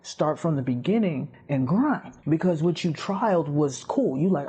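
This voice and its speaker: His voice is on the high side, mellow yet slightly rough, with lively intonation and normal speed. Whether guest or host, he chats casually on a podcast, wandering through stories full of fillers over dull lo-fi sound.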